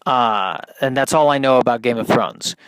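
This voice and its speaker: A man's voice: medium pitch, moderate pace, fairly bright tone, clear, resonant tone, no room sound, rough recording. A man hosting a podcast, doing a rambling, hesitant comedy monologue full of fillers. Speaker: podcast host.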